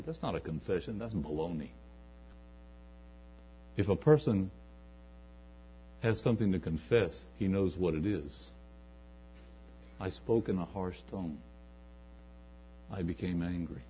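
Low-voiced man preaching a sermon. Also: slow pace, long pauses, slight background noise. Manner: preaching with rising emphasis and quoted asides. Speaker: pastor. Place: church. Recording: dull lo-fi recording.

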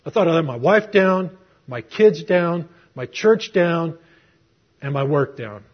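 Husky middle-aged male preacher. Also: on the high side, lively intonation, slow. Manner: conversational storytelling with rhetorical questions. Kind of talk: sermon with personal testimony. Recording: muffled lo-fi recording.

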